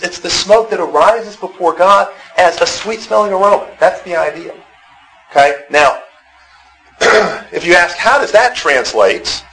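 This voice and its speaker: Leading an interactive church class, this man speaks conversationally, quizzing the group and frequently repeating words when he restarts. His fairly high, bright voice sounds forceful, and the low-quality recording carries slight background noise.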